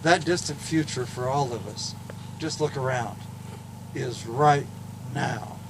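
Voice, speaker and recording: A man's voice: mid-range voice, slow pace, background noise. A man giving a humorous, folksy storytelling speech outdoors at a golf event. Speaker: golfer and speaker.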